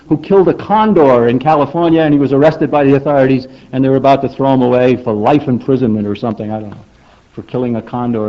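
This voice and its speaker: An older man giving a public lecture in an emphatic, rhetorical manner, often asking the audience for agreement. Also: medium pitch. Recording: dull lo-fi recording.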